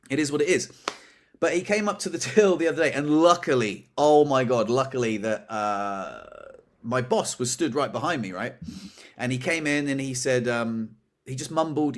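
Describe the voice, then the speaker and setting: Chatty young man telling a story. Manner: animated, rising pitch when acting out dramatic moments. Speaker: podcast co-host. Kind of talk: casual storytelling chat.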